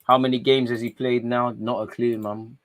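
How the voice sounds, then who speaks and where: A young man, giving casual, excitable live commentary to viewers during a football watchalong stream, talking in slangy street speech. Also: mid-range voice, moderate pace.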